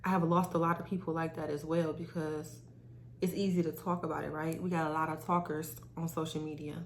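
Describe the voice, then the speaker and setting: A woman's voice: low-pitched, little pitch movement, a little fast, slight background noise. A young adult woman hosting her own podcast, talking candidly and motivationally to her viewers in a casual, direct way. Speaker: podcast host. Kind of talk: casual solo podcast talk.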